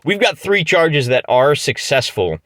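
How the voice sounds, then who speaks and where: His voice sits on the high side, sing-song and a bit bright, moving a little slowly, with no room sound. This middle-aged Midwestern American man narrates his solo tabletop game play by play, cracking jokes and often restarting mid-phrase.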